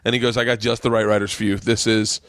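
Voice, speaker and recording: A man's voice: fairly low pitch, fast talker, no room sound, studio quality. A man hosting a podcast in casual chat, telling stories and swearing freely. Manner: animated, acts out quoted voices, swears often. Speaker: podcast host. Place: home studio.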